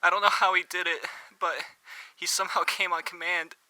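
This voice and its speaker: A giggling, hesitant woman caller, as a man puts her on in a comedy skit. The voice is high and sharply bright, with a dry, close sound. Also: flat delivery, fairly quick, no echo, poor audio. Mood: giggly.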